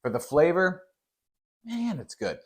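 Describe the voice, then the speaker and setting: A man's voice: a little high, very animated, unhurried, slightly rough. A young man, playfully judging baked goods on camera in a mock-serious way, with lots of fillers. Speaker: taste-test judge. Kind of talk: casual on-camera food review.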